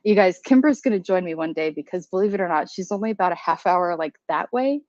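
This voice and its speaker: A flustered woman chats casually on a livestream, greeting viewers and owning up to her nerves. Her voice sits a little low. The sound is dry and slightly dull. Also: animated, fast, a little mellow, no room sound. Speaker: candle brand owner.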